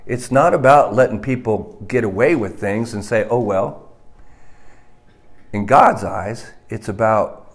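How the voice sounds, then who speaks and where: A man preaching a sermon slowly and emphatically, dropping to a hushed voice on key points. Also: mid-range voice.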